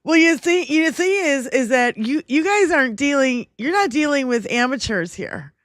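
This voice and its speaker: A woman's voice: high voice, animated, normal speed, fairly bright tone, no echo, clean studio sound. A woman co-hosting a political livestream, swearing freely and ranting at trolls in the chat. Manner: profane, combative, ranting at trolls. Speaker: livestream co-host.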